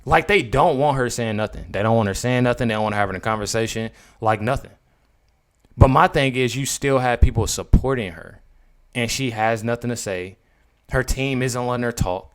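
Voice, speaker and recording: A man's voice: mid-range voice, normal speed, clear, resonant tone. A man doing casual commentary for his vlog, rambling and repeating himself as he talks to his viewers. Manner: rambling, repetitive, addresses viewers as y'all. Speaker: political commentary vlogger.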